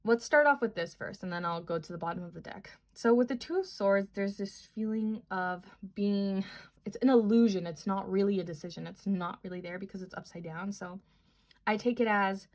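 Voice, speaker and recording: A woman's voice: medium pitch, moderate pace, darkish tone. Young woman tarot reader, chatty and rambling, earnest tone. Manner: rambling, filler-heavy, earnest. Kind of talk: casual tarot reading.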